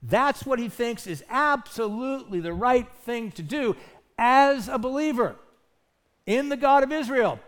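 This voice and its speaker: A man's voice: very high voice, animated, unhurried. A man preaching a sermon as pastor, earnest and emphatic, asking his listeners rhetorical questions.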